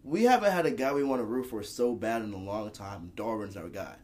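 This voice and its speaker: A man's voice: on the low side, fairly quick. A young man, co-hosting a casual sports podcast, arguing animatedly and stumbling over his words. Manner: animated and argumentative, with many restarts. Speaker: podcast co-host.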